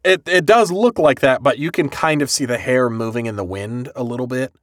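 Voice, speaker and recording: A man co-hosting a podcast, recapping an anime in casual chat, animated and swearing freely. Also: medium pitch, a little fast, no echo, clean studio sound. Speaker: podcast co-host.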